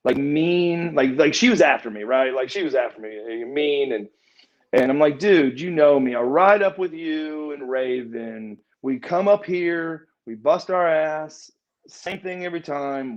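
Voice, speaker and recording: Middle-aged male interview guest, high-ish voice, rambling storyteller who stammers and repeats words, lo-fi sound. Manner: rambling, repeats and restarts words, acts out quoted dialogue. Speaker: guest, former pro wrestler. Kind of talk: casual shoot interview storytelling. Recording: muffled lo-fi audio.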